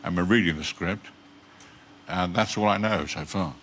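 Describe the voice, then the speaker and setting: An older man with a very deep, bright-edged voice, talking as a guest on a talk show. He tells dry, understated stories with deadpan humor. Light noise sits under the recording. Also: normal speed. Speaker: actor guest.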